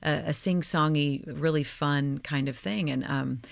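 An actress from Oklahoma, chatting lively in an interview, laughing easily and restarting her sentences. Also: low voice, measured pace, gravelly, dry recording. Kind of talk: casual interview chat.

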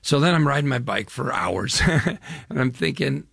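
A man's voice: medium pitch, animated, normal speed, creaky, a bit bright, breathy edge, dry recording, studio quality. An older man from the US Midwest, an actor talking about his film in an interview, enthusiastic and rambling with fillers. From Chicago area, US Midwest. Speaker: actor guest. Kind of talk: interview conversation.

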